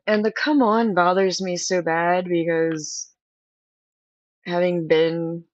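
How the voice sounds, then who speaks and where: A woman's voice: lowish voice, dry recording. A woman hosting a livestream, chatting candidly to viewers and rambling through stories with lots of fillers. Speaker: livestream host. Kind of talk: casual chat to stream viewers.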